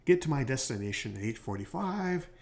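A man's voice: mid-range voice, big pitch swings, a little fast, vocal fry. A man hosting his own podcast, telling a rambling story in a casual late-night monologue from a hotel room, stopping often to correct himself. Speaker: podcast host. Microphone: home podcast microphone.

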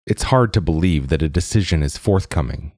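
A man's voice: very deep voice, lively intonation, brisk, a little mellow, no echo, studio quality. A man voicing an impatient male council chair who brushes off a complaint in a storybook reading. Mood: dismissive. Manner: curt, dismissive.

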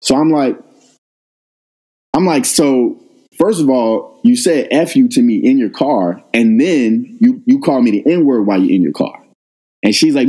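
A middle-aged man, a guest on an interview, telling a personal story in a casual, animated way and jumping up in pitch when he quotes himself. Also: normal speed, breathy edge, low-quality recording. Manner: animated retelling, rises sharply when quoting himself. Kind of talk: conversational storytelling.

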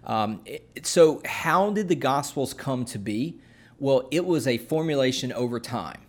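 Man explaining in a relaxed, halting way. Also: medium pitch. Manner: unhurried, with many fillers and restarts. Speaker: podcast co-host explaining scripture. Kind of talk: casual explanatory chat.

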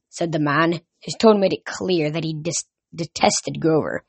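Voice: medium pitch, animated, normal speed, vocal fry, breathy edge, dry recording. A reader narrating a first-person adventure story casually, with slips and restarts. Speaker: audiobook reader.

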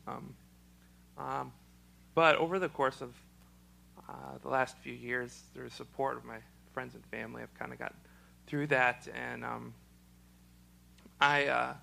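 A young man, speaking haltingly in an interview with a choked, froggy-sounding voice. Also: medium pitch, creaky, sharp tone, slight background noise, poor audio. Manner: halting, with many ums and restarts. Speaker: special education teacher. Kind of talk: casual personal testimony.

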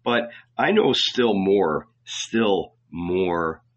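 Audiobook: male reader as a fiery, mocking preacher, slow and weighty, husky tone, dull recording. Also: low voice, expressive, pitched below the performer's own voice, full character voice. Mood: defiant. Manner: firm, weighty, at times sarcastic.

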